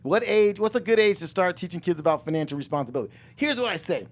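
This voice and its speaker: Middle-aged guy yelling motivational money talk, repeats himself a lot, voice sits a bit high. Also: animated, quick pace. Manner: loud, emphatic, repeats phrases, jokes and laughs. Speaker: real estate coach and show host. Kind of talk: live motivational finance talk.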